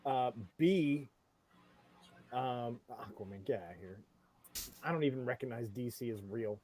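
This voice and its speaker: A man's voice: medium pitch, animated, moderate pace, mellow, slight background noise. A man hosting a casual chat, playful, throwing out bold opinions and laughing often. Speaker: host.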